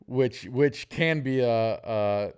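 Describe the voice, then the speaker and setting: A man's voice: mid-range voice, takes it slowly, a little mellow, clear, resonant tone. A man hosting a casual podcast, telling jokey stories and acting out the people in them. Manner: storytelling, jokey, acts out quotes. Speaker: podcast host.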